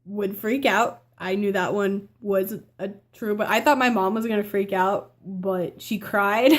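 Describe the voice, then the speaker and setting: A teenage girl with a steady, mid-range voice tells a personal story to camera at a measured pace. Her vlog is casual and rambling, with fillers and self-corrections, and she acts out what her family members said.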